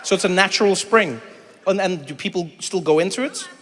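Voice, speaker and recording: A man in his thirties with a South African accent doing stand-up crowd work, animated and breaking into loud high impressions. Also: a little fast. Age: 30s. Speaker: stand-up comedian. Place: large theater stage. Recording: live hall with faint crowd noise.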